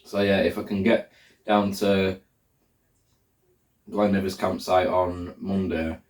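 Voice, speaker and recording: A man's voice: deep voice, steady tone, slow pace, darkish tone, far from the mic. A man, a hiker talking casually to camera and thinking aloud with plenty of fillers as he plans his route. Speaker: hiker vlogger. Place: indoors, room where he is drying socks under a fan. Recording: echoey room, voice off-mic.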